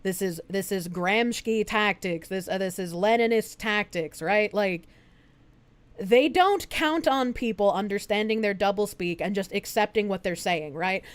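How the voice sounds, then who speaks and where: A woman's voice: medium pitch, unhurried, clear, resonant tone. A young woman streaming, talking politics in a casual, argumentative and emphatic way. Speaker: streamer host.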